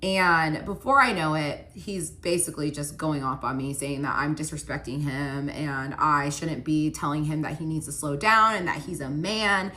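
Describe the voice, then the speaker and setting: A woman's voice: deep voice, normal speed, few pauses, bright, forceful tone. A young woman casually telling a personal story, chatty and full of "like" fillers. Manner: chatty, many "like" fillers, upset retelling.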